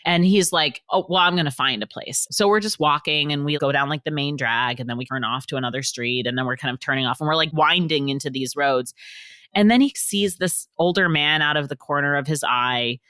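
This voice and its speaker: Low bright-toned woman, podcast guest, animated storyteller, dry sound. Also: brisk, no room sound. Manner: animated, acts out quotes. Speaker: author guest. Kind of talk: casual storytelling in a podcast interview.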